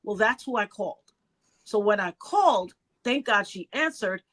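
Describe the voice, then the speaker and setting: Speaking at a normal speed in a mid-range, fairly bright, expressive voice, this middle-aged New Yorker shares an emotional personal account as an interview guest. She voices the people in her story as she goes.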